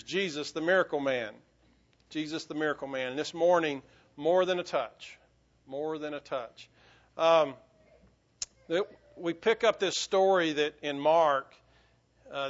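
A man's voice: fairly high pitch, fairly bright tone, lo-fi sound. A man preaching a sermon, telling a story in a rambling way full of restarts and fillers. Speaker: pastor.

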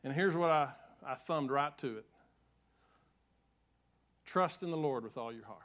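An older man preaching a sermon, telling stories with self-deprecating humor and swinging from loud emphasis to soft, hushed lines. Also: mid-range voice, measured pace. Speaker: pastor.

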